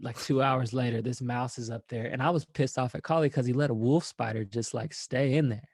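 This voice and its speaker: A man's voice: mid-range voice, fairly even intonation, a little fast, darkish tone, dry recording, clean studio sound. A man, a former college basketball player, guesting on a podcast and telling rambling, profane stories in a laid-back way. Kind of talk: casual storytelling.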